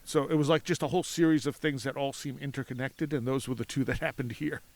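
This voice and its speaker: A man telling a story as a podcast guest outdoors at a cemetery, animated, acting out voices in his anecdotes and laughing often. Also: mid-range voice, fast. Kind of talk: casual storytelling.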